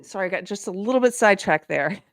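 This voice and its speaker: A woman's voice: medium pitch, animated, fast talker, no echo, studio quality. A woman hosting a live online commentary show, talking in an impassioned way that climbs into exasperated outbursts. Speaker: show host.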